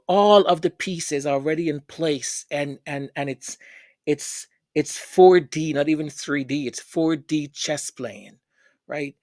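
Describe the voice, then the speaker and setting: A man's voice: a little high, a little mellow, no echo, clean studio sound. A man hosting a fan news channel, speaking in an emotional, tearful way with many stammered repeats. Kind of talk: casual vlog commentary.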